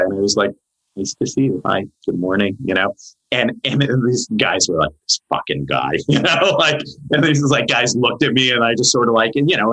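Very deep, husky-voiced man telling a story. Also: poor audio. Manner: animated storyteller, many "like" fillers. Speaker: psychologist guest. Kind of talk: casual podcast storytelling.

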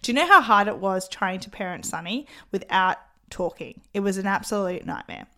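A woman hosts her own podcast in a loose, chatty solo talk. Her voice is croaky and a little rough from losing it recently. She speaks openly, with casual fillers. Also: medium pitch, expressive, brisk, pushed and bright. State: hoarse after losing her voice. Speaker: podcast host.

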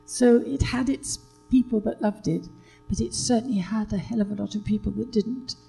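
An older British actress, a guest telling stories in a relaxed chat, hesitant with many fillers and restarts. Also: female voice, fairly high pitch, normal speed, creaky, breathy edge, faint music behind, rough recording. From Britain.

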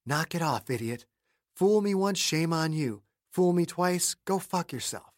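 A woman's voice: low-pitched, animated, unhurried, no room sound, clean studio sound. A man playing a blunt, tough woman pilot. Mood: fed up. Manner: blunt, sharp-tongued.

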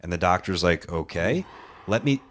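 A man's voice: low voice, expressive, moderate pace, a bit bright. A man on a casual podcast, telling a rambling story with lots of swearing and acted-out quotes.

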